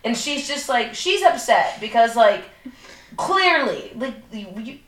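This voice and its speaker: A woman's voice: fairly high pitch, a little slow. A young woman co-hosting a podcast, retelling a movie plot in casual, profane chat, full of fillers. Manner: profane, animated storytelling with lots of fillers. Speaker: podcast co-host. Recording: echoey room.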